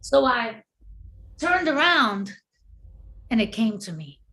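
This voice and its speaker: A woman's voice: on the high side, slow. A woman actor and filmmaker in a casual online conversation, telling stories and acting out the quoted lines over a video call. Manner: animated storyteller acting out quotes.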